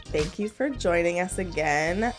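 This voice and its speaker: Lively, giggly woman podcast host. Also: lowish voice, unhurried, faint music behind. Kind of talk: casual chat.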